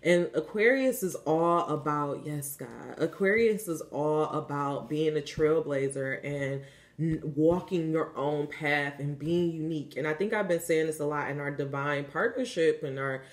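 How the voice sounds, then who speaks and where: A woman's voice: sits low, measured pace. A woman giving a casual spiritual card reading, talking candidly and coaching the listener, with frequent fillers and some swearing. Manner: chatty and candid, swears freely, many "like" fillers; coaching, asks the listener if they understand. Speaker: spiritual reader.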